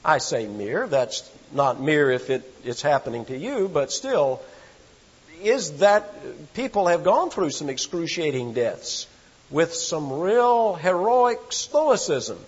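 A man's voice: a little high, very animated, breathy edge, long reverb tail, lo-fi sound. A man preaching an expository sermon, reading scripture aloud and dwelling on key words with dramatic emphasis. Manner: slow, dramatic emphasis with sudden swells.

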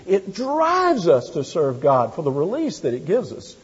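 A man preaching a sermon as pastor, with animated emphasis and quick asides. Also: fairly high pitch, husky. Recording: dull, lo-fi sound with long hall reverb.

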